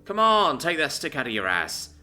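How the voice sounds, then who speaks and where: A man's voice: on the high side, wildly swooping pitch, normal speed, pushed and bright, soft background music, pitched above the performer's own voice, heavily acted. A man voicing a sultry, teasing female reptilian mechanic.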